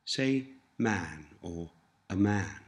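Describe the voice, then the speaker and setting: A man teaching a language lesson, saying each word slowly and repeating it for listeners to copy. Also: low voice, animated. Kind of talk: slow scripted language lesson.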